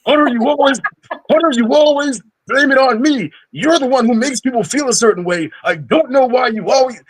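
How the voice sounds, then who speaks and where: A man's voice: a little fast, a little hiss or hum, poor audio. A man putting on the voice of a sarcastic male wrestler, mocking his partner in an exaggerated voice. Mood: sarcastic teasing. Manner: mocking, exaggerated high-pitched voice.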